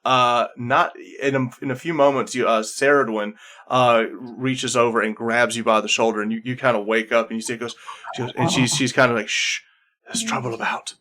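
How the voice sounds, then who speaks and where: A man's voice: mid-range voice, fairly even intonation, brisk, sharp tone. A man working as game master, narrating a tabletop game in descriptive second-person with many restarts.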